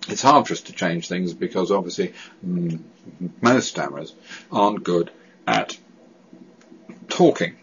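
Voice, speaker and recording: Low-voiced guy with a stammer talking seriously to camera, lots of restarts, kinda muffled lo-fi sound. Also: animated, normal speed, a bit bright, slight background noise. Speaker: person who stammers giving a personal testimony. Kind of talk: earnest personal statement to camera. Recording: dull, lo-fi recording.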